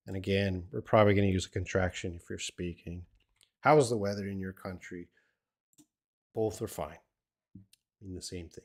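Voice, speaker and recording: An older Australian man with a lowish voice talks through learners' questions in a live English lesson. He rambles in a relaxed way, with plenty of "uh" and restarts. His tone is unhurried and conversational. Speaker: English teacher.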